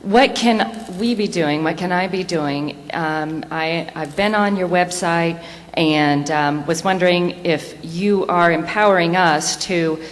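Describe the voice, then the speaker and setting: A woman's voice: fairly low pitch, takes it slowly. A woman from a small town in Missouri asking a question from the audience, hesitant and full of fillers. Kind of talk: question from the floor. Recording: reverberant hall, faint noise.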